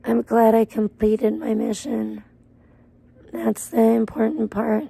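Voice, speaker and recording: A woman chats casually on her livestream, drifting from topic to topic and swearing freely. Her voice has a gravelly, fry-laden texture with a warm, mellow tone. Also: a little high, monotone, takes it slowly. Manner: rambling, profane ranting. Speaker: live streamer.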